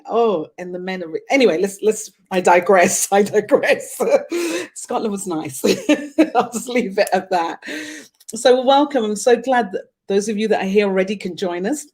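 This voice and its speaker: A woman's voice: medium pitch, darkish tone. A middle-aged woman hosting a talk show in a chatty, playful way, laughing often and making asides.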